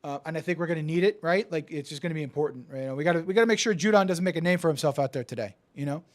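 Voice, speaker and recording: Fast-talking excitable man, sports chat. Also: on the high side. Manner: profane, excitable, stammering restarts; die-hard team fan, swings from yelling to muttering. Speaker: podcast co-host. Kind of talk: casual sports betting chat.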